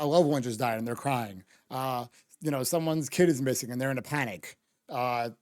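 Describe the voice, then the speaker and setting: A man in a casual stream, arguing his point in a heated, profane rant that keeps stopping and restarting itself. His voice sits at an ordinary middle pitch, and it is recorded close and dry with no room sound. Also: no echo. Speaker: streamer reacting to a true-crime video. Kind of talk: casual ranting stream commentary.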